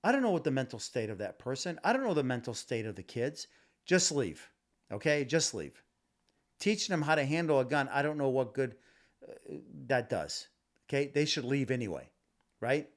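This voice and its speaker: A man's voice: mid-range voice, sing-song, moderate pace. A man hosting his own podcast, ranting solo with passion, repeating himself and stumbling over restarts and fillers. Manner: impassioned, repetitive, many fillers and restarts. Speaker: podcast host. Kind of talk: casual solo podcast rant. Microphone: home podcast mic.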